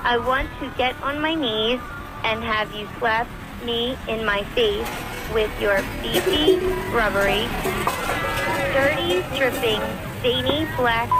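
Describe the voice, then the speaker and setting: A woman flatly reading out a crude prank message for a relay call, with no feeling in the delivery. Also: fairly high pitch, rough recording. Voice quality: flat, emotionless delivery. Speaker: text-to-speech relay reader.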